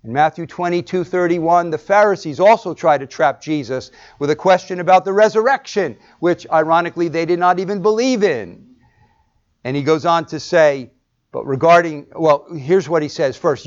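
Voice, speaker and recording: A man preaching a sermon and reading scripture, stressing words hard and then dropping to a hush. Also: a little high, lively intonation, moderate pace. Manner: emphatic, shifts between loud stresses and hushed drops. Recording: dull lo-fi recording.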